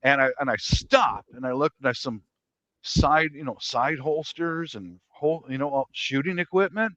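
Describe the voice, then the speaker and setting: A middle-aged man in casual chat, emphatic and quick to jump in. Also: on the high side, sharp tone, dry recording. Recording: dull lo-fi mic.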